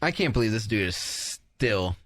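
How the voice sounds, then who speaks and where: A young man co-hosting a radio sports show, throwing in quick wisecracks. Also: fairly low pitch, very animated, a bit bright, dry recording, clean studio sound. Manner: quick wisecracks between laughs. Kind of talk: casual sports banter. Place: radio studio.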